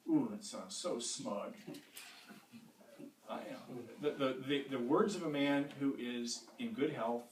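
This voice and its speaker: A man's voice: medium pitch, takes it slowly, a little hiss or hum. A man teaching a Bible study in a church room in a conversational way, often repeating words as he restarts, recorded from a distance in an echoey room.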